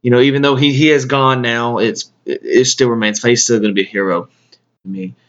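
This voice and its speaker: Man, podcast host, casual monologue, stumbling repetitions, mid pitch, muffled lo-fi audio. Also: fairly even intonation. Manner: halting, repeats words, fillers. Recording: dull lo-fi sound.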